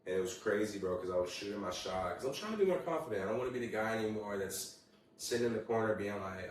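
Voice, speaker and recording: A young man hosting a casual solo podcast, telling animated stories with lots of swearing and acting out what people said. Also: fairly low pitch, fast, distant mic, slight background noise. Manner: animated storytelling, heavy swearing, acts out quotes. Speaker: podcast host. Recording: very echoey room, voice away from mic.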